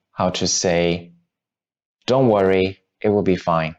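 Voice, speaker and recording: Slow deep-voiced man teaching grammar. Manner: patient, explains with repeated examples. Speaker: language teacher. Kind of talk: grammar lesson.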